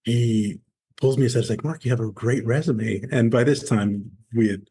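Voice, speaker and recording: With a medium pitch, normal speed and breathy edge, a former Navy SEAL in his forties candidly narrates his experiences as a podcast guest. The interview is conversational, and he animatedly imitates the voices of people he met.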